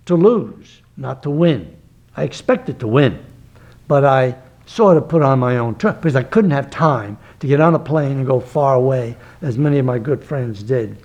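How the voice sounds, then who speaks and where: An older man, a martial arts grandmaster, talking emphatically and digressively in an interview, with breathy gasps between phrases. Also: mid-range voice, expressive, moderate pace, a little mellow, dull audio. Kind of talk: reflective interview talk.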